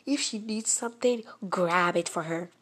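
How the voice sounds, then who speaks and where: A woman voicing a stern, threatening male school principal who speaks loudly and slowly. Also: fairly low pitch, husky, pitched below the performer's own voice. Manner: loud, commanding, slow and clipped. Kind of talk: storytime impersonation.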